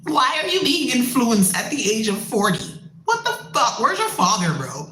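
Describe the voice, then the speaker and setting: Canadian woman going off, swearing, blunt and loud, roomy sound with a little hiss. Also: a little high, normal speed. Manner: profane, blunt, animated storytelling. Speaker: musician and show host. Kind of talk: casual rant.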